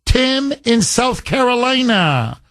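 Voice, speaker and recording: A man's voice: extremely high pitch, big pitch swings, takes it slowly, fairly bright tone, slight background noise. A man hosting a talk radio show, speaking emphatically and building heat as he argues.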